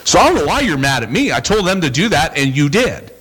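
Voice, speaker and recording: Male pastor, conversational sermon, animated, expressive pitch swings. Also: fast talker, background noise. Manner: animated, acts out quoted voices, bursts into shouts.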